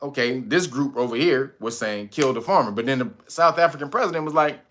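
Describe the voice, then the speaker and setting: A man hosting casual political commentary, profane and animated, laughing often. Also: medium pitch, a little fast, a little hiss or hum. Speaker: commentary channel host.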